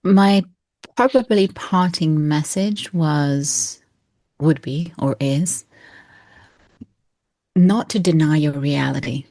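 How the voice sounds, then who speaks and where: A woman in her thirties, a coach appearing as an interview guest, talks earnestly and expressively, laughing often, in heartfelt conversation. Her voice is low and darkish, with no echo.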